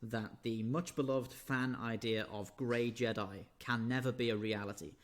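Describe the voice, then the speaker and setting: A man of middle pitch narrates a scripted video essay. His delivery is measured and his wording formal. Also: steady tone.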